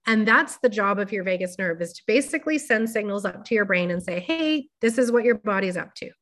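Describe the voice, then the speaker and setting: Woman presenter with a mid-range voice, informal teaching, measured and careful, filler words. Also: medium pitch, lively intonation. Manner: careful, gently paced explaining with frequent fillers. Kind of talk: informal explanatory talk.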